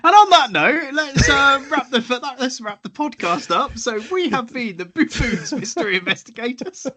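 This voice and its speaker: A man's voice: extremely high pitch, animated, moderate pace, sharp tone. A man co-hosting a podcast, chatting in an upbeat way, often laughing and repeating words. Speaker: podcast co-host. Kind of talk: casual podcast chat.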